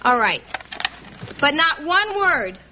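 A bossy wisecracking older sister. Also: female voice, high-pitched, sing-song, heavy background noise, full character voice. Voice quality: quick teasing wisecracks. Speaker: older sister coaching her sibling. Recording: sitcom audio with studio laughter.

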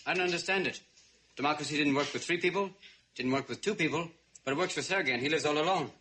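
A man playing a zany male alien visitor to Earth in a 1970s sitcom, with rapid silly wordplay. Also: on the high side, very noisy, close to an everyday voice. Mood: goofy.

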